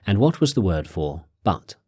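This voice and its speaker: A man narrating a guided audio language course, giving clear, measured prompts and slowing down for key phrases. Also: sits low, very animated, warm tone, dry recording, studio quality.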